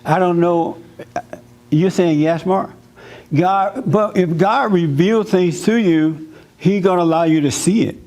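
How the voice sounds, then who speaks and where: A male pastor delivers a loose, humorous sermon in a conversational tone and circles back over his points. His voice sits on the higher side for a man. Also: unhurried, a little mellow. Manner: conversational, joking, repeats himself.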